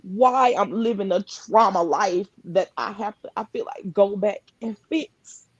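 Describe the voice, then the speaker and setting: A woman sharing a personal story over a live stream call, talking earnestly and haltingly, often restarting her sentences. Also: mid-range voice, expressive, husky, dry recording, dull audio. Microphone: live video call.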